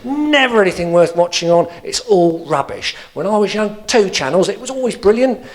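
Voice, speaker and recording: A man's voice: high voice, lively intonation, moderate pace, pitched above the performer's own voice. A man imitating a moaning man in his seventies who complains about modern life. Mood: grumbling. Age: 70s. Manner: moaning and grumbling.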